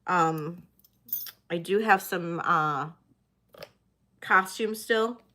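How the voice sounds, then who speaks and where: A woman's voice: lowish voice, very slow, pushed and bright. A woman selling jewelry in a live-stream auction, chatty and hesitant with many fillers. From United States.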